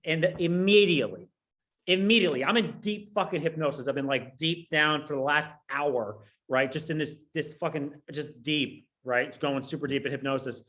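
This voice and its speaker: A man in his thirties from California, telling a personal story in a casual, profane, rambling way, on a low-quality recording. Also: moderate pace, fairly bright tone. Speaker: online business coach.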